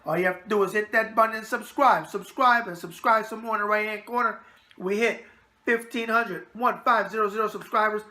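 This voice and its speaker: A man's voice: sits high, fairly quick, pushed and bright. A man with a New York accent hosting a casual boxing mailbag show, brash and wisecracking. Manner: brash, wisecracking, catchphrase-heavy. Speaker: boxing web show host. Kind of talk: casual video mailbag talk.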